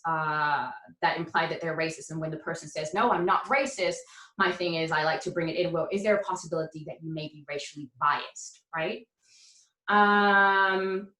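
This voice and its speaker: Low-voiced woman presenting a workshop. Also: a bit bright, roomy sound, rough recording. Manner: explanatory, many "um" fillers, asks rhetorical questions. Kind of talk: training workshop lecture.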